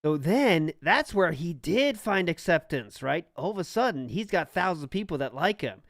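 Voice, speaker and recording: A podcast co-host with a fairly high voice, big pitch swings and a slightly bright tone chats casually at a moderate pace. He's blunt, swears often and sometimes acts out what other people said, recorded clean in a studio with no room sound.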